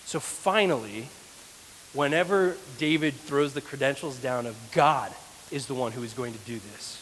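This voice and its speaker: A man preaching a sermon as pastor, telling the story in an animated way. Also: mid-range voice, moderate pace. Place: church hall. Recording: echoey church hall, faint hiss.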